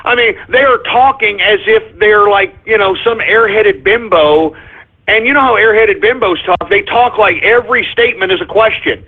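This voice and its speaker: A man hosting a talk radio show, ranting in a profane, repetitive way with a husky voice. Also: high-pitched, moderate pace. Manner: profane, ranting, repeats himself. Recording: tinny phone-like radio audio.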